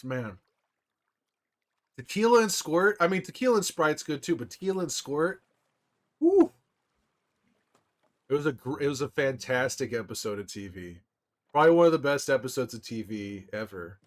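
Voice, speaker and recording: A man livestreaming casually to his viewers, rambling excitedly with frequent restarts and laughs. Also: medium pitch, a little fast. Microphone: desktop microphone.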